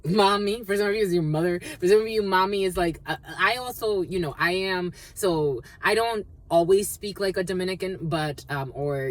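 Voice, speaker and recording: A woman with a husky, slightly low voice talks through a collective tarot reading. She rambles and free-associates, circling back to the same phrases and dropping casual swear words along the way. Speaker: tarot card reader.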